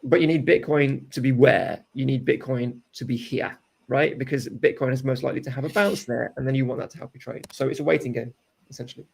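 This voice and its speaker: A man's voice: mid-range voice, fairly even intonation, fairly quick, gravelly, darkish tone, slightly rough. A man coaching live day trading, talking through charts step by step and often checking in with "right?". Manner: explains steps, ends points with "right?". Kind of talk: live market analysis chat.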